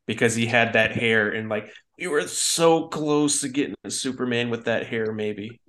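A man's voice: mid-range voice, normal speed, a bit bright. A man co-hosting a film podcast in casual chat, easygoing and rambling as he works through his thoughts. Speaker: podcast co-host.

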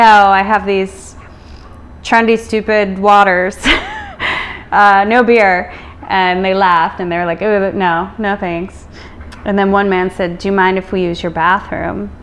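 A woman's voice: lowish voice, a little hiss or hum. A middle-aged American woman telling a personal story, emotional and full of reported dialogue. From United States. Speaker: guest.

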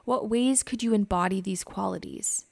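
A woman who hosts a psychotherapy podcast, guiding listeners through reflective questions in a gentle, advising way. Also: medium pitch, moderate pace, gravelly, no echo. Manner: reflective, asks many questions.

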